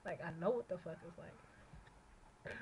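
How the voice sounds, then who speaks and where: A woman's voice: fairly low pitch, takes it slowly, darkish tone, slight background noise, low-quality recording. A young woman in a casual rambling vlog monologue, talking bluntly and cursing freely as she rants. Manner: blunt, profane, ranting. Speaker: vlogger.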